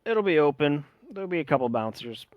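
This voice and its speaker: A man's voice: a little high, big pitch swings, fairly quick, dry recording, dull audio, pitched above the performer's own voice. A man voicing a friendly, upbeat male fixer who guides the party. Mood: cheerful. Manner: chummy, upbeat.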